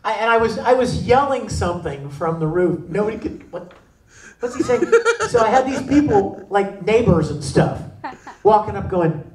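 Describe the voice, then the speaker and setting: A man as a convention panel guest, telling stories in an animated way: he laughs often and acts out the other voices. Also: high-pitched, moderate pace. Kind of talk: animated storytelling. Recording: echoey room from far off.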